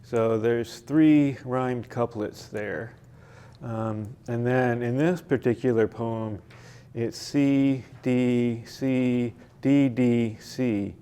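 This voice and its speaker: A man leading a library poetry workshop, explaining sonnet form slowly with frequent fillers and restarts. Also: medium pitch, fairly even intonation, warm tone, clear, resonant tone. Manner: slow, halting explanation with many fillers and restarts. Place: library meeting room.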